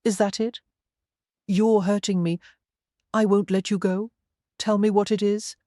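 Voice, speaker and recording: A woman voicing an intense, arrogant young gentleman in an audiobook, speaking in an urgent, insistent way. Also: mid-range voice, little pitch movement, unhurried, no room sound, clean studio sound, voice pushed up, lightly acted.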